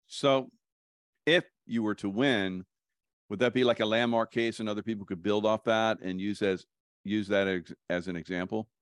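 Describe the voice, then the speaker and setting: A man hosting an interview, putting a soft, brief question to his guest. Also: fairly low pitch, fairly even intonation, moderate pace, no room sound, clean studio sound. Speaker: podcast host. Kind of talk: casual interview.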